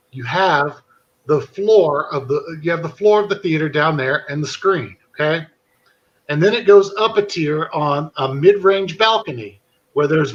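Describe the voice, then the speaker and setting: Guy spinning a funny story real slow, keeps cracking up, kinda breathy, muffled lo-fi sound. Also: fairly high pitch. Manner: animated anecdote teller, laughing through his story. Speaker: podcast host. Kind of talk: casual storytelling.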